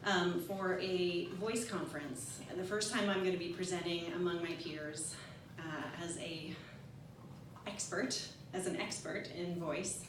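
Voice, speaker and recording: A woman's voice: fairly low pitch, fairly even intonation, measured pace, noisy background. A woman in her forties telling a personal story on stage, candid and self-mocking with nervous laughs. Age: 40s. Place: live storytelling event venue. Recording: echoey room, voice from far off.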